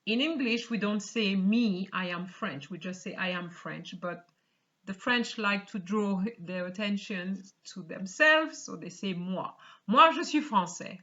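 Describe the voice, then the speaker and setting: A woman teaching a beginner French lesson in English, speaking very slowly with a bright, clear tone. She reads out short French phrases and explains each one patiently, often pausing to ask "okay?" The recording sounds slightly dull and lo-fi. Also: medium pitch. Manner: reads French dialogue lines then explains them in English, with many "okay?" checks. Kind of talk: slow explanatory language lesson.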